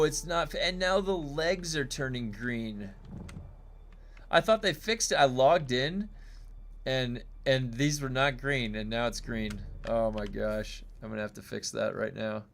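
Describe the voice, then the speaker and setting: A man from the United States streaming a game and chatting casually with viewers, rambling with many fillers and restarts. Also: medium pitch.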